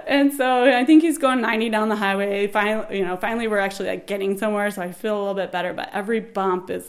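A woman in her thirties recounts a personal birth story in a lively, animated way. She laughs often and acts out the shouted lines of the people in it. Her voice sits in a middle pitch.

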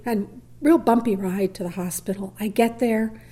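A middle-aged woman tells a personal story with a mellow, dark voice. She acts out the lines of the people in it with lively shifts and sometimes sinks to a near whisper. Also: medium pitch, moderate pace, breathy edge. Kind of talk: personal story told to a listener.

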